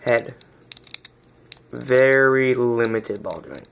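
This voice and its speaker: A man's voice: mid-range voice, expressive, very slow, vocal fry, smooth. A man giving a casual, rambling toy review recorded on a phone, often stopping to search for the right word and restarting his sentences.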